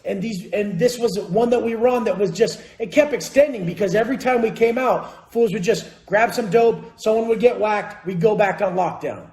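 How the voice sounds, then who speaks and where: Young guy with a really high voice ranting blunt and sweary, kinda echoey room. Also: moderate pace, hardly any pauses, darkish tone. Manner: profane, blunt, motivational. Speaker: vlogger. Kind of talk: casual storytelling.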